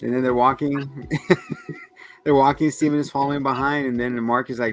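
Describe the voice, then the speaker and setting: A man's voice: medium pitch, flat delivery, moderate pace, soft background music. A man co-hosting a casual review podcast, rambling through a recap, laughing often and acting out lines. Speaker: podcast co-host.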